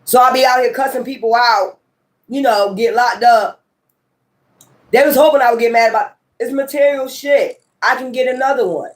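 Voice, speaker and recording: A woman's voice: on the high side, fairly even intonation, normal speed. A woman tarot reader in a casual ranting monologue. She talks emphatically, swears and repeats her points. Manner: emphatic, profane and repetitive.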